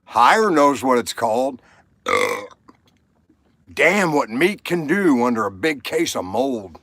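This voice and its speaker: Brief: rambling livestream host, animated delivery, dry recording. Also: male voice, medium pitch, slow, no echo. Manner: rambling, reads viewer comments aloud. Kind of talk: casual chat.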